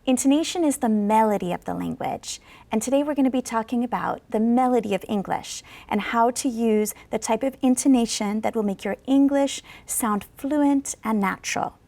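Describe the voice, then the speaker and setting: A woman professor teaching English pronunciation in a video lesson, speaking patiently and slowing down on model sentences for students to repeat. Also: a little high, creaky, dark tone. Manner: patient, instructive. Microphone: studio microphone.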